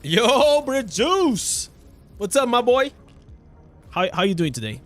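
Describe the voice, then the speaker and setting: A man's voice: sits high, sing-song, normal speed, fairly bright tone, faint music behind. A young man with a Portuguese accent chatting casually on a live stream, often restarting his words and swearing now and then.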